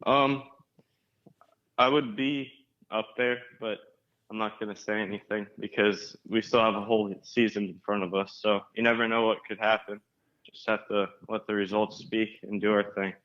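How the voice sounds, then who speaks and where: A young man, a race car driver, speaks in a low, even, composed way that never sounds excited. His voice comes through a muffled, lo-fi phone line. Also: normal speed. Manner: flat, composed, low-key delivery. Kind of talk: casual interview.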